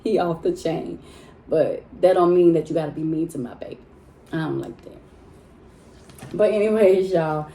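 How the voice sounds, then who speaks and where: A woman vlogging in casual chat from her home, talking to her viewers in an animated, chatty way and laughing often. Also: low-pitched, moderate pace, pauses often. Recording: roomy echo in a home room.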